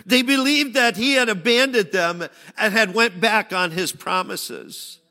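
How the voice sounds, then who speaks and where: A man preaching a sermon, shifting from loud pleading cries to hushed, low phrases. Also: unhurried, few pauses, in a large hall. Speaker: pastor.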